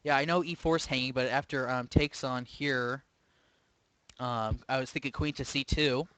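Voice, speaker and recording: A man's voice: mid-range voice, fairly even intonation, moderate pace, a bit bright, dry recording, low-quality recording. A man commentating his own online chess game live, thinking aloud with hesitant, self-questioning remarks. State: sleepy, yawning. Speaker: chess streamer.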